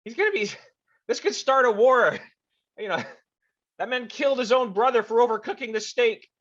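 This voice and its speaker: A man voicing a furious blustering male official who rants loudly, in a dull lo-fi recording. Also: extremely high pitch, animated, normal speed, voice pushed up, heavily acted. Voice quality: loud, ranting.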